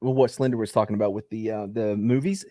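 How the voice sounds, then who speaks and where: A man's voice: lowish voice, fairly even intonation, quick pace, warm tone, no echo, studio quality. A man chatting casually on a podcast panel, rambling with restarts. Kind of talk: casual chat.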